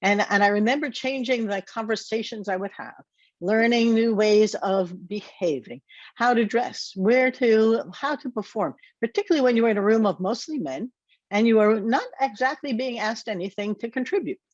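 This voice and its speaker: A woman's voice: a little high, moderate pace, a little mellow, dry recording. Older woman, podcast host, reflective, laughing, dry dull recording. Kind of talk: conversational interview.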